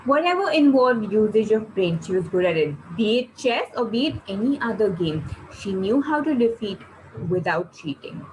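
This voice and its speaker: A woman's voice: medium pitch, moderate pace, slight background noise, poor audio. A woman teaching kids online, telling a story and asking the class questions. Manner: lively, questions the class, explains words.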